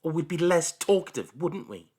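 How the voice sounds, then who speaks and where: High-pitched prickly girl, blunt and sarcastic, storybook reading, voiced by a man. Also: animated, normal speed, darkish tone, slightly rough. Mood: scornful. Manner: sarcastic and threatening. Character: bossy blunt young girl, sharp-tongued.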